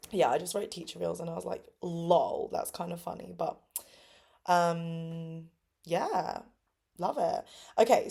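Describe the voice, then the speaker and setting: Chatty young woman vlogger, lower voice. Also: vocal fry, dark tone, breathy edge. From England. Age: 20s. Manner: upbeat, lots of fillers, acts out kids' voices with big pitch jumps. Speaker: English teacher vlogger. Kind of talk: casual chatty storytelling. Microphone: phone camera.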